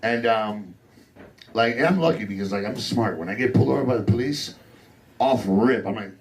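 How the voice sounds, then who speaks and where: A man's voice: fairly low pitch, moderate pace, a little hiss or hum. Brash young man doing stand-up. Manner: crude, brash storytelling. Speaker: stand-up comedian. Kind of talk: stand-up set. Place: comedy club stage.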